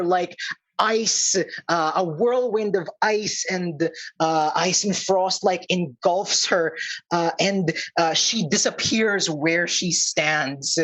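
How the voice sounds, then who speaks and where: A man narrating a tabletop game as game master, halting with many fillers. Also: on the high side, fairly bright tone, low-quality recording.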